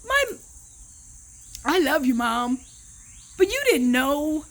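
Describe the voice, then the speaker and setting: A woman's voice: high-pitched, big pitch swings, takes it slowly. A woman in her thirties talking in a heartfelt personal vlog, emotional and close to tears, rambling with restarts. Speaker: vlogger.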